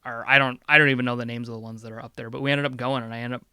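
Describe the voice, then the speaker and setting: A man's voice: medium pitch, flat delivery, rapid-fire, pushed and bright, smooth, no echo, studio quality. A man chatting casually on a podcast in a laid-back, rambling way, swearing now and then. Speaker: podcast co-host. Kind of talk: casual chat.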